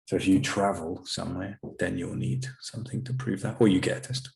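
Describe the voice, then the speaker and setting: List: man, low pitch, laid-back, teasing, casual co-host chat. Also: lively intonation, brisk, creaky, a little mellow, a little hiss or hum. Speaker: podcast co-host.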